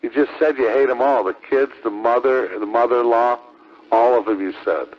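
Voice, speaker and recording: A man's voice: mid-range voice, steady tone, moderate pace. A man arguing on air as a ham radio operator, taunting and profane, repeating his accusations over and over. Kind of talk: heated on-air argument. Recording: lo-fi radio transmission.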